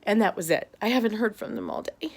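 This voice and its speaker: Still tearful after crying, a middle-aged woman vlogs about her rough day in upset bursts punctuated by nervous laughs. She has a mid-range, animated voice with a breathy edge and speaks at a quick pace.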